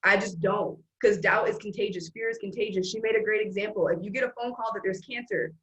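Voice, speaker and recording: A woman's voice: mid-range voice, fast talker, a bit bright, lo-fi sound. A woman hosting an earnest, emphatic motivational faith talk. She rambles with restarts. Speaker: host.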